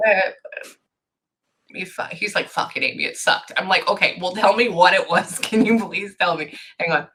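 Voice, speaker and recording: A woman's voice: fairly low pitch, normal speed, fairly bright tone, slight background noise. A woman giving a psychic reading to a client, thinking aloud and stopping herself with "hang on" over and over. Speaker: psychic medium.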